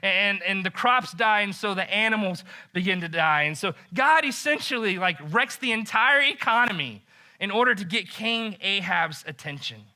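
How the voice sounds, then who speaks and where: A man preaching a casual sermon, retelling a story in an animated, joking way and saying "like" a lot. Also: sits high, normal speed. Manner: animated and joking, heavy use of "like". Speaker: pastor.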